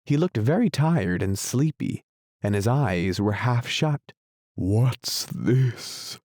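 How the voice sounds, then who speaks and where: A man narrating a classic children's novel as an audiobook, in a measured, unhurried way. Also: medium pitch, lively intonation, darkish tone, no room sound, clean studio sound. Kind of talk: scripted narration.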